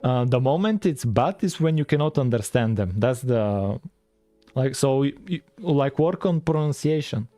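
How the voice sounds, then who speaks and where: Man, French-tinged accent, casual streaming chat, rambling with fillers, mellow tone, faint music behind. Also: medium pitch, expressive, normal speed. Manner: rambling, filler-heavy, chats with viewers. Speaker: game-dev streamer. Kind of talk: casual live-stream chat while coding.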